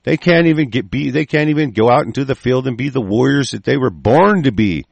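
A man's voice: mid-range voice, lively intonation, brisk, gravelly, husky, dry recording. A man hosting a talk show, ranting angrily with constant swearing and rambling restarts. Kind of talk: profane political rant.

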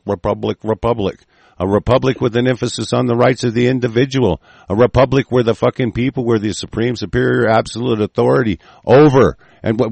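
A man's voice: medium pitch, gravelly, darkish tone, no room sound. A man hosting a talk show, ranting angrily with constant swearing and rambling restarts. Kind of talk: profane political rant.

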